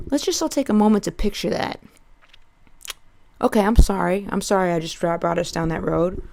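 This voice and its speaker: A woman's voice: on the high side, darkish tone. A woman in her thirties hosting a solo comedy podcast, riffing crudely and rambling from one tangent to the next.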